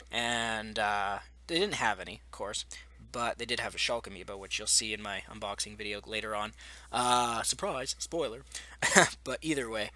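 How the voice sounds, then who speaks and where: A man's voice: mid-range voice, sharp tone. A man from Canada, a gaming vlogger, delivering an exasperated, profane rant full of sarcastic asides. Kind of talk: ranting vlog monologue.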